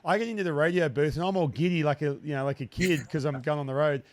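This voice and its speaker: A thirty-something Australian podcast host and broadcaster keeps things casual in an interview, chatting eagerly and restarting frequently. His pitch runs on the high side and his pace is quick.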